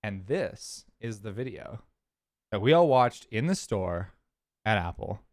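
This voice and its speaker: A man from California chats casually on his stream, rambling through a personal story as he clicks around. His voice sits on the low side, and the sound is close and dry with no room echo. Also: big pitch swings, measured pace, darkish tone. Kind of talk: casual chat.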